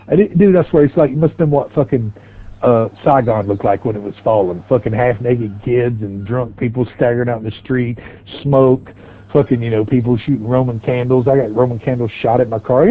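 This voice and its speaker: A man's voice: medium pitch, narrow, tinny audio. A middle-aged man telling a long, profane, rambling story on a game stream.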